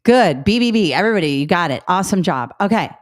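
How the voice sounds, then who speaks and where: A middle-aged woman teaching a live test-prep webinar, upbeat and coaching, talking through examples out loud. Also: on the low side, expressive, quick pace.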